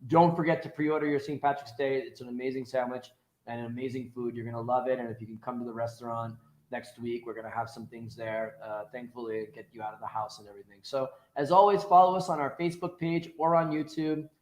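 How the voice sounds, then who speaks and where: A man's voice: mid-range voice, flat delivery, fast talker, a little mellow, reverberant, low-quality recording. A man hosting a casual talk show, upbeat, chatting while eating. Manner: upbeat, talks with his mouth full while eating. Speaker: show host.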